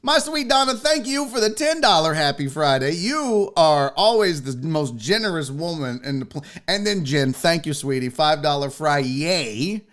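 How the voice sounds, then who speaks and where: Middle-aged man, bright voice, lively pitch, profane, excitable, live-stream host. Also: normal speed. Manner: loud, profane and excitable, shouting bursts; reads viewer messages aloud. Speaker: show host. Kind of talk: casual live-stream chat.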